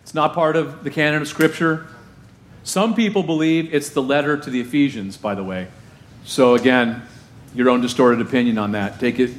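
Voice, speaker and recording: A man preaching a casual, animated sermon to his congregation, using slang and asking them questions. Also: a little high. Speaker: pastor.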